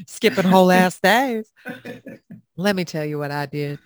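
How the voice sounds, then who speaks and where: A woman's voice: fairly low pitch, a little slow, no echo, clean studio sound. A young woman co-hosting a podcast, trading sassy, profane banter in a casual chat. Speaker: podcast co-host.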